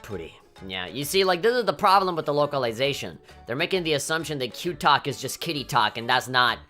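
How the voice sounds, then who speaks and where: A woman with a low, bright-edged voice talks through a game in loose, casual commentary. She swears freely and keeps flaring up in playful mock outrage. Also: quick pace, soft background music. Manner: animated, swears often, mock-indignant outbursts. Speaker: let's play commentator.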